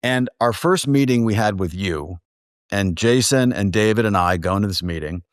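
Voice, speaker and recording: A man's voice: lowish voice, moderate pace, no room sound, clean studio sound. A man, a film producer, telling casual stories in an interview and acting out quoted dialogue. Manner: animated anecdotes with quoted dialogue.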